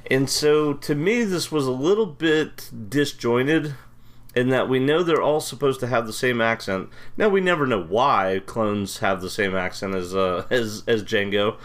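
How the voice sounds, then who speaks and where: A man's voice: medium pitch, fairly bright tone. American guy rambling on a podcast, jokey, pokes fun at himself. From United States. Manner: rambling, self-deprecating, jokey. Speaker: podcast co-host. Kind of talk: casual chat.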